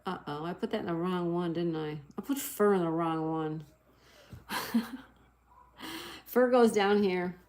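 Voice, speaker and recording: This middle-aged woman's voice sits fairly low with a darkish tone, and she speaks at a measured pace broken by long pauses. Hosting an easygoing livestream, she reads out viewer comments and spells crossword answers letter by letter in a friendly, chatty manner, apologetic about her errors.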